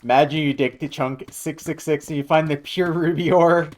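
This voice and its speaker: A man's voice: on the high side, fairly even intonation, moderate pace, hardly any pauses. A man streaming live, chatting casually and jokily while reacting to his chat. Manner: rambling, jokey, reacting to chat.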